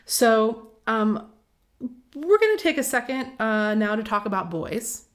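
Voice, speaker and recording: A woman co-hosting a podcast, recapping a book in casual chat, full of fillers and quick laughs. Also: a little high, sing-song. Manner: chatty, filler-heavy, laughs often. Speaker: podcast co-host.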